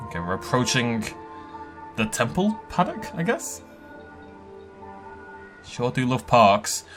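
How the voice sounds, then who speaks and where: A man giving an excitable, chatty tour of a park built in a game, laughing often as he goes. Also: medium pitch, slow, over music. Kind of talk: casual gameplay commentary.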